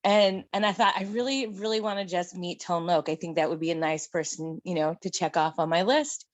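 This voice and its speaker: A middle-aged woman telling a story in casual chat, animated and laughing often. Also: fairly low pitch, a little fast, dry recording. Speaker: guest.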